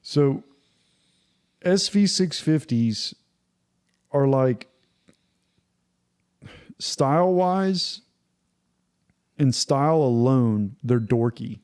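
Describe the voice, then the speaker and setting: A man with a mellow, warm tone at a middle pitch hosts a relaxed podcast chat. He talks in an opinionated, enthusiastic way and keeps restarting his sentences. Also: extremely slow, long pauses, clean tone. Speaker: podcast host.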